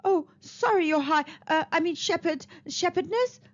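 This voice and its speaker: A fretful storybook villager who stammers and squeaks high in alarm, as a woman puts him on. His voice leaps about wildly, and the recording sounds a bit dull and lo-fi. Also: expressive, unhurried. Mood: flustered. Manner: flustered, stammering. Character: flustered male villager from the townsfolk.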